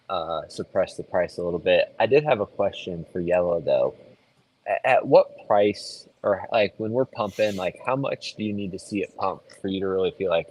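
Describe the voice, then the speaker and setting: A man's voice: sits low, darkish tone, rough recording. A man on a casual panel chat, asking questions with a dry, teasing manner.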